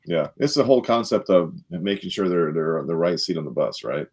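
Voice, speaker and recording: A man's voice: fairly quick, breathy edge. A middle-aged man on a leadership panel, telling an anecdote and acting out the quotes with a lifted voice. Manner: animated storyteller, acts out quotes with rising pitch. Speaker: panel guest, former sales director. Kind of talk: storytelling in a leadership panel talk.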